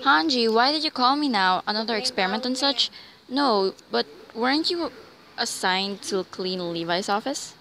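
A woman voicing a playful, meddling female officer in a brisk, teasing manner, close to her own voice. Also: fairly high pitch, lively intonation, bright, forceful tone.

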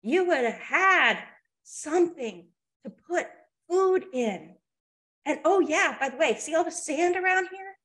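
A woman's voice: very high voice, lively intonation, slow, few pauses, warm tone, voice pushed up, full character voice. An all-powerful god scolds a foolish man, voiced by a woman telling a story. He sounds sarcastic and fed up. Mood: scolding.

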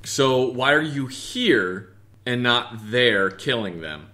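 Man, casual game commentary, sarcastic, bright, animated. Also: mid-range voice, slow. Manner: sarcastic, teasing. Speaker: game player. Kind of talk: casual gaming chat.

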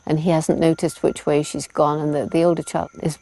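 A woman's voice: low voice, little pitch movement, fairly quick, gravelly, mellow, poor audio. A woman in her seventies, interviewed outdoors in a forest, who laughs often as she tells stories. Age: 70s. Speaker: interviewee, primatologist. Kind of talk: casual interview answers.

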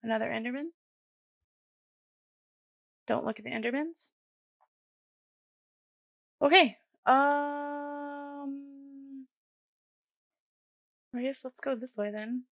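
A woman's voice: high-pitched, takes it slowly, creaky, pauses often, a bit bright, no echo. A woman streaming a video game, talking to herself in casual commentary and startling easily. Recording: dull lo-fi mic with faint music.

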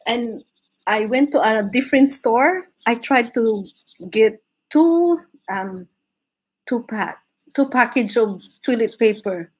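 Slow, husky woman chatting on a live stream. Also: fairly high pitch, animated, low-quality recording. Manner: chatty, laughs often, restarts sentences. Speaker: host of a live drawing stream. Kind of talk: casual live-stream chat while drawing.

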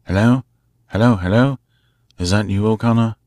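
A man voicing a resourceful male detective, calling out urgently and excitedly. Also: fairly low pitch, normal speed, no room sound, natural voice.

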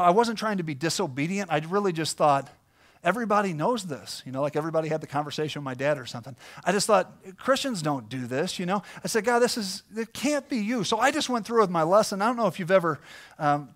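A middle-aged male pastor preaching a sermon in a folksy, conversational storytelling way. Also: fairly high pitch.

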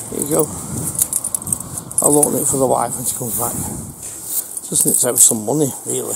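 A man's voice: mid-range voice, normal speed, gravelly, long pauses, noisy background. A middle-aged man with a Northern English accent, giving short, repeated commands to his dog outdoors in a casual vlog. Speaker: dog owner vlogger.

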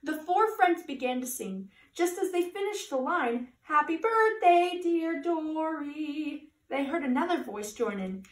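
A woman reading a children's storybook with a high, very lively voice and chatty asides of her own. She sounds set back from the mic in an echoey room. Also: normal speed, few pauses, recorded from a distance. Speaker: party entertainer reading a story.

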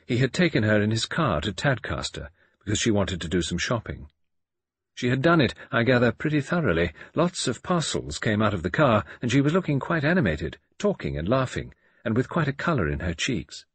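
A man's voice: fairly low pitch, very animated, fairly quick, slightly rough, dry recording. A man narrating an audiobook in the first person, reading dramatically and expressively.

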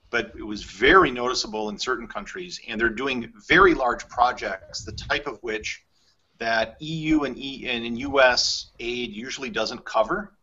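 A man's voice: mid-range voice, pushed and bright, breathy edge. A man hosting a travel podcast in casual conversation, thinking aloud with plenty of fillers as he goes. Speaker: podcast host. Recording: slightly muffled audio.

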